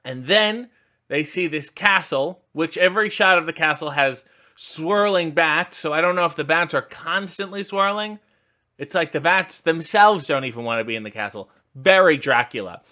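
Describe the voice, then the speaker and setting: A man hosting a comedic trailer reaction, talking in a sarcastic, mocking way with deadpan asides. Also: a little high, moderate pace. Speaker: host reacting to a movie trailer.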